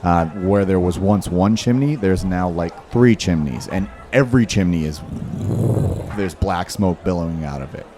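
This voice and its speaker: A man's voice: low voice, normal speed, background noise. A man narrating as game master in a rambling, casual way, full of fillers. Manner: rambling, filler-heavy, laughs often.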